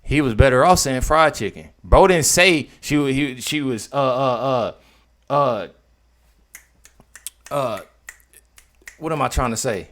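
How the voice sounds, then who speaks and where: Animated man reacting loudly to a clip. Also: medium pitch, a little slow, long pauses. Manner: animated, incredulous, swings between loud outbursts and mutters. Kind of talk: casual reaction commentary.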